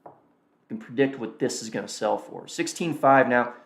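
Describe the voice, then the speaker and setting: A man hosting a casual live stream, his voice sitting at an ordinary middle pitch. He thinks aloud and mutters quick reactions as he goes. The sound is roomy, with a clear echo around him. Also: animated. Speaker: livestream host.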